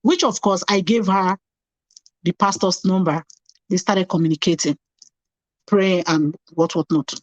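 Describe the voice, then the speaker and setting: A woman's voice: on the low side, steady tone, a little slow, long pauses, no echo, dull audio. A middle-aged woman, a nurse, telling her personal story as an interview guest. She speaks animatedly, acts out past conversations and repeats phrases for emphasis.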